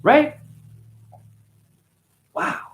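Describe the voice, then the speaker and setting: A man in his forties hosting a rambling, profane livestream talk. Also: drawn-out words. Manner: profane, rambling, jumpy pitch swings. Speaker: host.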